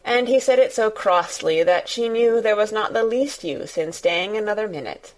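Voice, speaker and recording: A woman reading a storybook aloud as narrator, in a measured, even storytelling manner. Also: medium pitch, rough recording. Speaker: audiobook narrator.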